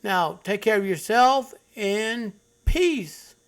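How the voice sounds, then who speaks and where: A man's voice: high voice, expressive, takes it slowly, fairly bright tone. A man hosting his own channel, giving blunt, preachy commentary on stories he reads out, lecturing with heavy emphasis. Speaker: channel host. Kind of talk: commentary on read-aloud online stories.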